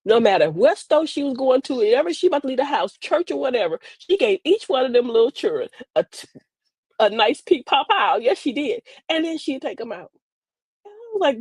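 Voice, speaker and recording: An older woman, a grandmother, hosting a livestream and telling sassy, funny stories about parenting in a casual, animated way. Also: high voice, fairly quick, slightly rough, dry recording. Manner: animated, sassy storytelling with laughs. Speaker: livestream host. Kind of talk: casual comedic livestream monologue.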